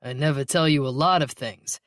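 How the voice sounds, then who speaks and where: A man's voice: medium pitch, fairly quick, fairly bright tone, no room sound, close to an everyday voice. A man voicing a wry male police detective who teases his partner in dry banter, in an audiobook. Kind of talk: audiobook dialogue reading.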